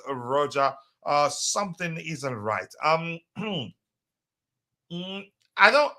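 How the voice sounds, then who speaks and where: A man's voice: on the high side, pushed and bright. A man hosting a fan live stream, chatting casually and reading out viewer comments with many hesitations. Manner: hesitant, many fillers, reads comments aloud. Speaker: host of a fan livestream.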